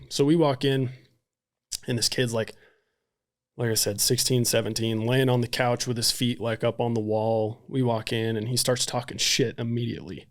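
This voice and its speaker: A man's voice: mid-range voice, flat delivery, moderate pace. A man, a psychiatrist and podcast guest, telling stories casually and animatedly, swearing freely and acting out the dialogue. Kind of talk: casual storytelling.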